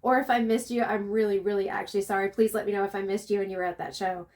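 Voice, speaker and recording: A woman's voice: mid-range voice, fairly even intonation, quick pace, a little mellow. A woman with a Southern accent, chatting casually as a travel vlogger and telling a long story with lots of fillers and restarts.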